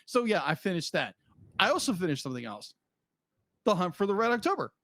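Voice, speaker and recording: A man co-hosting a podcast, talking loosely and restarting his sentences as he goes. His voice sits on the higher side. The sound is dry and close, with no room around it. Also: sing-song, a little fast, a bit bright, no room sound. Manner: rambling, with frequent restarts and laughs. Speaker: podcast co-host. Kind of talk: casual chat.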